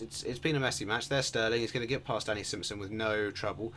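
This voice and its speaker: A young man, a gaming video host, giving sarcastic and excitable play-by-play over his game, swinging from shouts to mutters. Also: fairly low pitch, moderate pace. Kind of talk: gameplay commentary.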